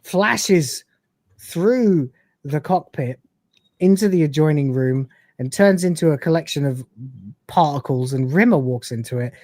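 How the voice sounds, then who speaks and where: A man's voice: on the high side, expressive, unhurried, a little mellow, no echo. A man hosting a live-stream review show, retelling episodes in a rambling way with many fillers. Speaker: host.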